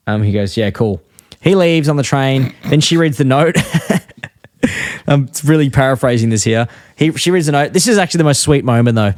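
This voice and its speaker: A man chatting on a podcast, recounting scenes in a loose, rambling way and acting out quoted lines as he goes. His voice sits at an ordinary pitch, and the sound is dry and close, with no room around it. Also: measured pace, darkish tone, smooth, dry recording. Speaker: podcast co-host. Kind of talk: casual chat recapping an episode.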